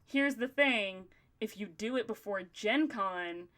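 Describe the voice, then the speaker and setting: A woman's voice: medium pitch, takes it slowly, a loud crowd. A woman hosting a podcast in casual chat, talking in loose, rambling runs and laughing often. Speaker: podcast host.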